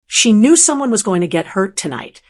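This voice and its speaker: A woman's voice: medium pitch, sing-song, brisk, darkish tone. A woman narrating a dramatic personal story in an intense way.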